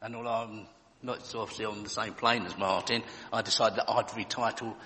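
A man preaches in a loose, conversational way and breaks in with jokes and asides. His voice is bright and forward. A long church-hall reverb hangs behind him. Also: lowish voice, steady tone, fairly quick. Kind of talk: sermon.

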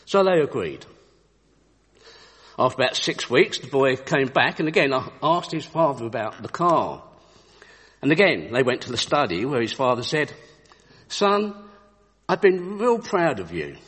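Man, earnest devotional storyteller, husky voice, lively pitch, long reverb. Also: moderate pace. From United Kingdom. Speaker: Christian speaker. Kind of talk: devotional talk with anecdotes.

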